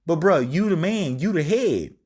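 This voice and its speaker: A man preaching a street-style sermon on scripture, animated and slangy, acting out quotes in shifting voices. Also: a little high, moderate pace, breathy edge.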